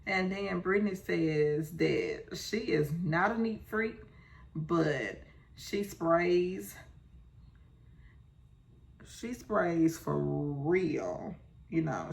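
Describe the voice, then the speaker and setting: Sassy woman with a gravelly voice. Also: lowish voice, darkish tone. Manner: sassy, talks back to the screen. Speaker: reality TV recap host. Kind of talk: casual show recap.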